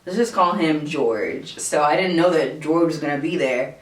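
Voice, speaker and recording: A young woman vlogger telling a storytime in a casual, slangy, animated way, jumping high when she quotes herself. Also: moderate pace. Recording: echoey room, distant mic, faint hiss.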